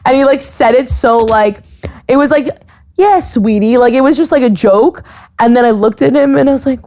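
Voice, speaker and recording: A woman's voice: sits high, a little fast, a little mellow. A young woman hosting a podcast, chatting casually and bluntly, laughing often and acting out quoted exchanges. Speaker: podcast host. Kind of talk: casual chat.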